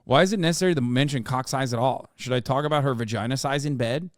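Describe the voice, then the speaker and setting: A man's voice: mid-range voice, fast talker, no echo, clean studio sound. A man in his thirties streaming casual, profane reaction commentary, ranting and mocking in an exasperated way.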